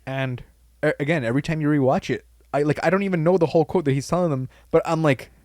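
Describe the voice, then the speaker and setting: Excitable, higher-voiced podcast guy. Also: fast, dry recording, studio quality. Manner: animated, swears often, retells scenes with many fillers. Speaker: podcast co-host. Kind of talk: casual comedy review chat.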